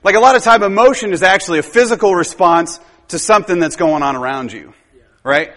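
This preacher's sermon drifts along casually, dotted with quick laughs and "isn't it?"-style tag questions. The church hall's lengthy reverb lingers after each line, and his high-for-a-man voice comes across fairly bright.

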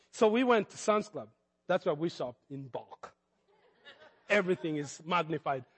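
High-voiced male pastor preaching in a hall. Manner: storytelling, swings from quiet asides to loud preaching. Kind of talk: sermon. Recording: long hall reverb.

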